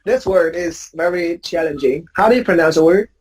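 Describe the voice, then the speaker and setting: A woman's voice: lowish voice, a little fast, a little mellow, slight background noise, low-quality recording. A woman teaching English pronunciation in a class drill, patiently correcting students and repeating each word as a model.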